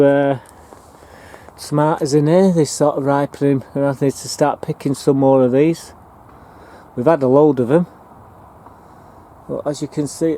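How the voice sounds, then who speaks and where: Strolling around his town allotment garden outdoors, a man narrates a casual tour in a warm, slightly high voice, chatting away and rambling through fillers.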